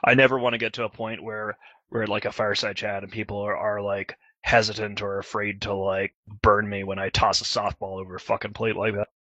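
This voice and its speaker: Brief: man, host of a casual fireside chat, cursing, bright edge, dry close sound, lower voice. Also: level tone, a little fast, no room sound, muffled recording. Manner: profane, rambling, fired up. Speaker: alliance leader hosting a fireside chat.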